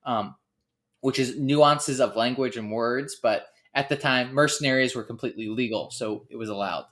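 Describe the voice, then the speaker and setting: A man's voice: medium pitch, normal speed, a bit bright. A man co-hosting a podcast, adding facts and dry jokes in casual chat. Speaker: podcast co-host.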